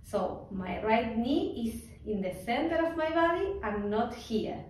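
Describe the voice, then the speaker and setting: A woman teaching a tango technique class, calmly talking students through an exercise, counting out the beats and checking in with "yes?". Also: a little high, a little slow. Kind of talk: slow spoken dance class instruction. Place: dance studio. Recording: roomy, distant studio sound with faint noise.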